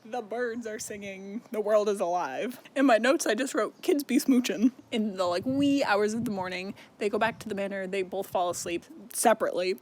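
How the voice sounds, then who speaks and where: A man's voice: high voice, brisk, hardly any pauses. A young man giving a casual, rambling book recap, swearing freely and saying "like" often. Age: young adult. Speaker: book video host.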